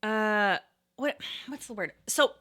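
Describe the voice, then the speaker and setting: A woman in her thirties casually telling a rambling story, pausing and restarting often and breaking into laughs. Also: mid-range voice, expressive, bright, forceful tone. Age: 30s. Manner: hesitant, rambling, laughing often, quotes herself and others.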